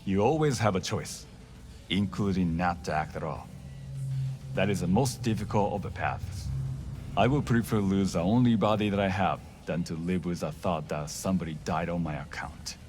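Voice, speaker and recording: An actor playing a gentle, pious monk who speaks formally and gravely, without contractions, in game dialogue. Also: male voice, deep voice, normal speed, close to an everyday voice. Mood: solemn. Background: music.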